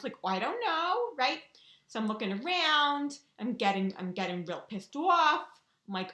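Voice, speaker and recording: A woman's voice: high voice, sing-song, moderate pace, pushed and bright, roomy sound. A woman vlogger telling a personal story in a casual, chatty way, often checking in with the listener. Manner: chatty, keeps checking in with "right?" and "you know".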